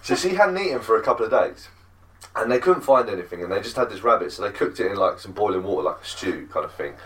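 Man, podcast host, casual storytelling, rambling, restarts, lowish voice, sits back from the mic. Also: animated, fast, fairly bright tone, far from the mic, slight background noise. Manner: rambling, lots of fillers and restarts.

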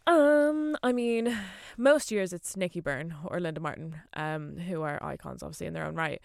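Smooth-voiced woman podcast co-host. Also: on the low side, normal speed, a little mellow, no room sound, clean studio sound. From Ireland. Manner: chatty and enthusiastic, with fillers like "kind of". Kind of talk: casual chat.

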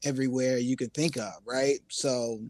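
A man from Newark, New Jersey, as a guest musician telling loose, animated stories with street slang in a casual interview. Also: mid-range voice, normal speed, no echo.

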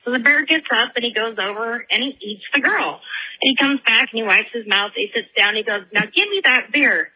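Giggly 30s woman rambling into a voicemail, real bright tone but husky. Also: fairly high pitch, a little fast, rough recording. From Northern California. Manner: rambling, giggly, lots of likes and ums. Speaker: podcast caller. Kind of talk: casual voicemail storytelling.

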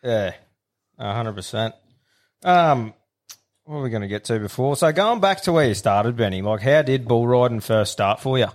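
A man's voice: medium pitch, expressive, moderate pace. An Australian man hosting a podcast, telling stories in casual chat, swearing freely and laughing often. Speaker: podcast host.

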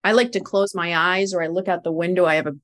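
A middle-aged woman, a spiritual life coach, explaining ideas calmly in a casual podcast conversation. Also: on the low side, quick pace.

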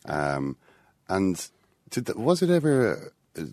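A man's voice: low voice, huge pitch swings, slow pace, a little mellow, no room sound. A man interviewing a guest, rephrasing his questions as he goes.

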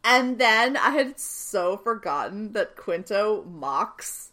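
A young woman casually recapping a TV episode, animated and swearing freely as she acts out the characters' lines. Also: medium pitch, slow. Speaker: podcast co-host recapping a TV show. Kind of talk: casual chat.

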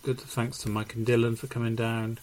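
A man's voice: mid-range voice, flat delivery, brisk, darkish tone. A man co-hosting a podcast in loose casual chat. He hesitates a lot and fills the gaps with ums. Now and then he slips in a dry quip. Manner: hesitant, many fillers, dry quips. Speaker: podcast co-host.

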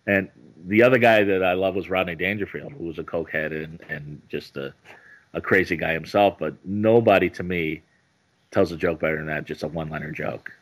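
Man, very low voice, rambling and halting, comedian on a podcast. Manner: rambling, halting, many restarts. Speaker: stand-up comedian, guest. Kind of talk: casual podcast interview.

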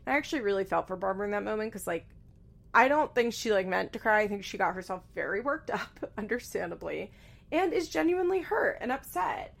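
A woman's voice: mid-range voice, fast, creaky, a bit bright. A woman giving a casual, chatty recap with lots of fillers and swearing. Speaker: reality TV recap host. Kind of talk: casual commentary.

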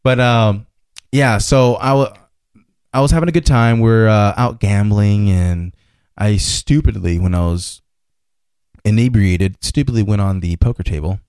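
A man's voice: on the low side, unhurried, a little mellow, smooth, no room sound, clean studio sound. A young man hosting a casual chat, easygoing and steering the story, often laughing.

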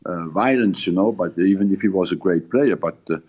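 A man whose first language is not English, a former football manager answering radio interview questions slowly, with many pauses and fillers. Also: sits low, darkish tone, breathy edge. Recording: muffled lo-fi line.

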